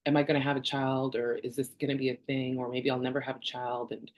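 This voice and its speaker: A woman's voice: extremely low pitch, flat delivery, quick pace. A woman in her forties from Canada, talking candidly in a personal vlog, chatty and rambling, laughing often. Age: 40s. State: tearful at times. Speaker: vlogger.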